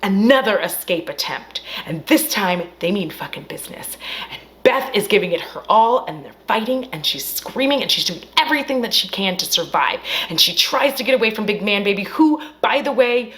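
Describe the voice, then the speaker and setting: A woman recapping a horror film in a casual, animated way, acting out the characters' lines and swearing freely. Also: medium pitch, normal speed. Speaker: film reviewer. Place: at home.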